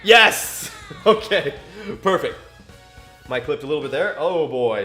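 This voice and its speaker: A man streaming a racing game who reads scripture in a solemn, drawn-out way between bursts of game commentary. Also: medium pitch, big pitch swings, pushed and bright, faint music behind. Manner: slow, drawn-out mock-biblical delivery. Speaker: gaming streamer.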